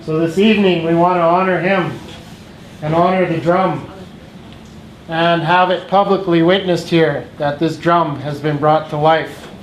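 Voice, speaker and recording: A man hosting a community feast, telling stories to the crowd in a slow, unhurried way. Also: a little high, fairly even intonation. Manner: slow, storytelling delivery. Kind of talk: speaking to a crowd. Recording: roomy hall with faint background noise.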